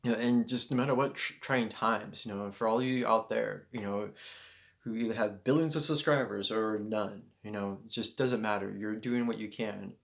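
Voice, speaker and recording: A man's voice: fairly low pitch, steady tone, normal speed, vocal fry, a bit bright. A man vlogging spiritual thoughts to a handheld camera, talking in an earnest, rambling way full of "you know" fillers. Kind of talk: casual self-filmed monologue. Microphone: handheld camera mic.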